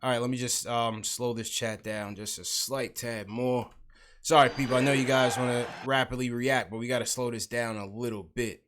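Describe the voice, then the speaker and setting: A man's voice: medium pitch, steady tone, moderate pace, fairly bright tone. A man hosting a sports livestream podcast, talking casually about basketball and calling out chat viewers. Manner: hypes up the chat, greets viewers.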